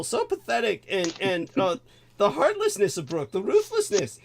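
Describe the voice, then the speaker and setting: A man's voice: extremely high pitch, big pitch swings, normal speed, gravelly. A man hosting a casual call-in chat, exclaiming often and stumbling over fillers. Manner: exclamatory, hesitant, many fillers. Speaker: host. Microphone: call setup.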